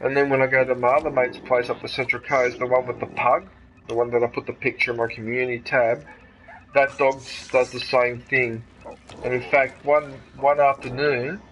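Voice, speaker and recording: An Australian man hosting casual gameplay commentary, chatty and excitable, laughing at his own jokes. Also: medium pitch, slight background noise, low-quality recording. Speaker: gaming channel host.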